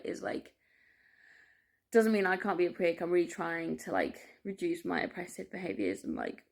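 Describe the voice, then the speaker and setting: A woman talks straight to camera in a loose, unscripted monologue. Her voice sits slightly low, and she swears freely, loses her thread, and cuts herself off with apologetic asides. Laughter keeps breaking into her talk. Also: vocal fry. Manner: restless, self-interrupting, apologetic asides. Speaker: vlogger. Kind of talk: candid personal monologue.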